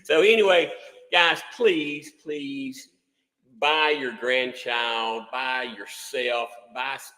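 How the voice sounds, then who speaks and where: Older man, sixties, drawl, folksy rambling host, bright voice, reverberant room. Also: medium pitch, steady tone, takes it slowly. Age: 60s. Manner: rambling, folksy, repeats words. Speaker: livestream host, music instructor. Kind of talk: casual livestream chat.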